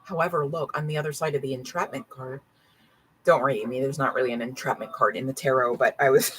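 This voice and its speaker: A woman's voice: deep voice, sharp tone, slight background noise, low-quality recording. A woman doing a casual live-stream tarot reading, chatty and full of "right?" and "okay?" asides, with dogs barking now and then. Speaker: tarot reader.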